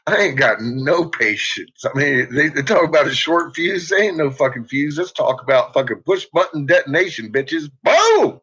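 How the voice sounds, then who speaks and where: A man rambles slowly in a home vlog, swearing and laughing, his somewhat high voice bright yet husky and swinging widely in pitch. He drops to low mutters and jumps to loud shouts. The recording is dull and lo-fi. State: uses bottled oxygen. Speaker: vlogger. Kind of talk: casual rambling monologue. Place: at home with a dog.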